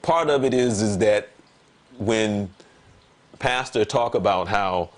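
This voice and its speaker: Appearing as a guest on a talk show, a man with a fairly low voice speaks slowly in casual conversation, telling stories animatedly and emphatically with repetition. His voice jumps up whenever he quotes himself.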